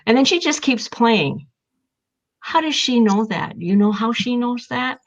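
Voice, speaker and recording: A woman's voice: on the high side, lively intonation, unhurried, lo-fi sound. Older woman telling heartfelt stories. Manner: emotional, heartfelt, crying at times. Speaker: guest. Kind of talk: casual storytelling.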